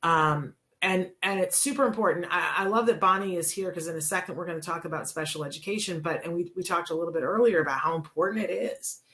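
Casual host: a woman with a lowish voice who chats and rambles with her audience. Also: quick pace, hardly any pauses. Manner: chatty, rambling, warm asides and self-corrections. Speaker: show host. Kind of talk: casual radio talk show chat.

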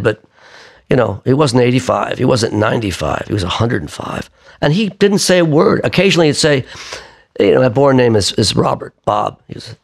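Older dude rambling through a story, casual, lots of restarts, medium pitch. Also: male voice. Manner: rambling, self-correcting raconteur. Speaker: singer-songwriter guest.

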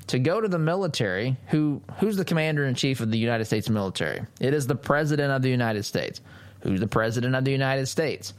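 A man delivers a political commentary monologue as a talk show host. His pitch sits in the ordinary middle range. He talks emphatically, leans on sarcasm, and keeps turning to his listeners directly.

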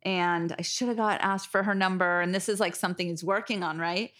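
A woman's voice: lowish voice, steady tone, fairly quick, a bit bright. A woman co-hosting a podcast as a therapist, enthusiastic and casual, swearing while she retells client stories with energy.

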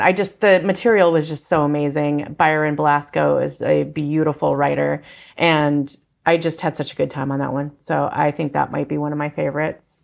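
Midwestern American woman, casting director guest; low voice with fry, easygoing, laughs often. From Fargo, USA. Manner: relaxed, self-deprecating, laughs easily. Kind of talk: interview answers.

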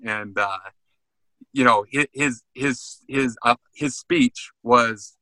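A man's voice: mid-range voice, takes it slowly, dry recording, poor audio. A man, a former college football player, telling a story in a casual interview and often saying "man". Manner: animated storyteller, says "man" a lot.

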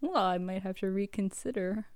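A woman's voice: medium pitch, moderate pace, a little mellow, clear, resonant tone, dry recording, studio quality. A young woman co-hosting a podcast in casual chat, laughing often and teasing playfully. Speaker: podcast co-host.

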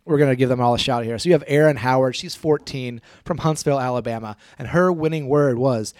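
Casual podcast host, man, mid-pitched, laid-back, dry close mic. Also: a little mellow, dry recording. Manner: laid-back, reads clues haltingly with fillers and laughs. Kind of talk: casual chat, quizzing a co-host.

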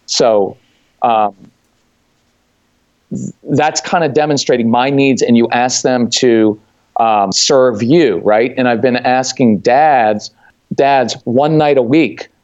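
A man in casual chat giving parenting advice, lively, acting out what he tells his kids. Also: medium pitch, slow, pauses often, highs cut off.

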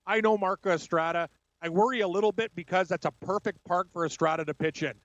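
High-voiced man talking sports bets. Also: fairly bright tone, dry recording, lo-fi sound. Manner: brisk, confident betting analysis. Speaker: sports radio co-host. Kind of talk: casual sports talk.

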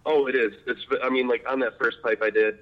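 A man chatting as a podcast guest, animated and laughing often as he tells his story. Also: mid-range voice, brisk, highs cut off. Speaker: podcast guest, apprentice pipe maker. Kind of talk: casual interview chat.

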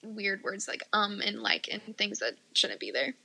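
A woman's voice: medium pitch, big pitch swings, moderate pace, vocal fry, bright, forceful tone, slightly rough, rough recording. A woman from the United States, chatting casually with many fillers and frequent laughter. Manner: giggly, chatty, lots of fillers. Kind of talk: casual chat.

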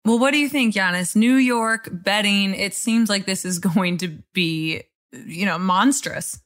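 A woman's voice: mid-range voice, a little slow, a bit bright. A woman co-hosting a casual chat, teasing and laughing often. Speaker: co-host.

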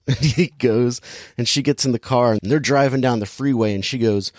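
A man casually recapping a movie plot with sarcasm, briefly acting out the characters' lines in quick impressions. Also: medium pitch, no room sound, studio quality. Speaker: podcast host recapping a movie. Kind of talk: casual chat.

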